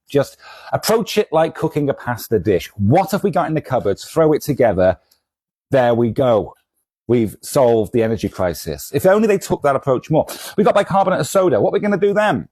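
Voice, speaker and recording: Comic shop guy, bouncy pitch, dry close sound, rambling and self-mocking. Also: darkish tone, no echo. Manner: rambling, self-deprecating and jokey. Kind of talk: casual vlog with a kitchen science demo.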